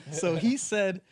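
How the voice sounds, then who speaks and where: A young man, a podcast guest who acts and makes music, telling a story in casual chat and acting out what he thought back then. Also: sits high. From United States. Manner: animated storytelling, acts out his own past thoughts.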